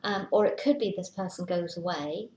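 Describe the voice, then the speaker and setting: Her voice is on the low side and darkish, her pace moderate, as she does a relaxed tarot reading. Chatty throughout, she whispers when acting out anxious inner voices, heard in an echoey space with faint hiss.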